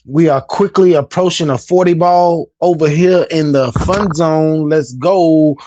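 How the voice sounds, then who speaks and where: A man's voice: on the high side, measured pace, mellow, lo-fi sound. A man hosting a casual hobby live stream, chatting in a laid-back, talkative way and often repeating his phrases. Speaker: livestream host.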